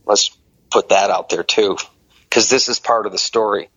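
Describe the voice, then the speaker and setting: An energetic middle-aged man from the Detroit area tells his own story to an interviewer, lively and emphatic. The recording is dry, with no room sound, and the sound is a little dull and muffled. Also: on the low side, moderate pace, slightly rough, dry recording. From Detroit area, Michigan. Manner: animated, energetic storyteller who acts out dialogue. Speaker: interview guest. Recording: dry, slightly muffled audio.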